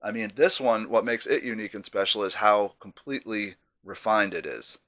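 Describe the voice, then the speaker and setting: Man, lowish voice, chatty beer reviewer, self-deprecating asides, casual vlog. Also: normal speed, pushed and bright.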